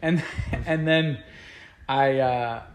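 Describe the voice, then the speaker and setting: A man's voice: mid-range voice, very slow, reverberant, slight background noise. A man who is a guest musician, telling stories in a casual interview, rambling along with many fillers and restarts.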